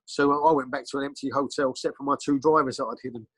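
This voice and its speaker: Telling blunt, meandering stories in a casual podcast interview, a middle-aged English former bodyguard ums and restarts constantly. His mid-range voice is slightly rough, fast and fairly even in intonation, in a rough recording with no room sound.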